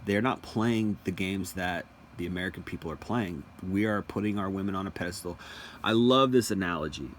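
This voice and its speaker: A young man with a low, deep voice talks in a loose, opinionated monologue. He circles back on his own phrases, stumbles through restarts and hammers his points by repeating them. Faint noise sits underneath. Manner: rambling, repeats phrases, emphatic. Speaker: commentator.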